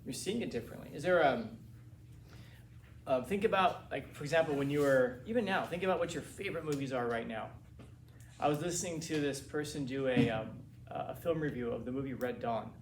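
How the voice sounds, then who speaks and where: A man in his forties, a teacher, lecturing a class in a rambling, animated way with many restarts. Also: mid-range voice, brisk. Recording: roomy classroom from a distance, faint hiss.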